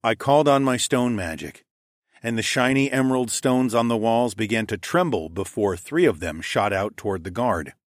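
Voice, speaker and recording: A man narrating a first-person fantasy audiobook in a measured, dramatic way. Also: mid-range voice, animated, no room sound, studio quality.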